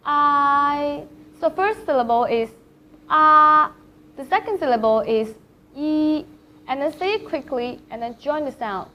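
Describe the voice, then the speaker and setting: A woman with a Thai accent teaching Chinese pronunciation, carefully demonstrating vowel sounds one by one. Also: sits high. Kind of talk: pronunciation lesson. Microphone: camera facing the speaker. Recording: slightly dull lo-fi sound.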